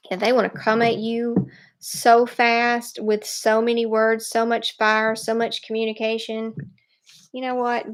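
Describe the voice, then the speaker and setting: A woman giving a live tarot reading, speaking in an animated, emphatic way and laughing often. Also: a little high, unhurried, slight background noise. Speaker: tarot reader.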